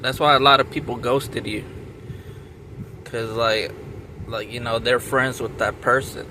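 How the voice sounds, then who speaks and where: A man tells a meandering story in an unhurried way, repeating words and restarting as he goes. His pitch sits in an ordinary middle range. He is outdoors, and loud traffic and street ambience run under his voice. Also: fairly even intonation, poor audio. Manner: rambling, repeats words and restarts, many fillers. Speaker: vlogger telling a story. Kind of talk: rambling casual storytelling.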